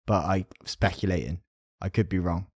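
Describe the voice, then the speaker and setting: A man hosting a casual gaming podcast, chummy and quick to hedge his guesses. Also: sits low, steady tone, breathy edge, no echo, studio quality. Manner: chummy, hedging speculation. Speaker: podcast host.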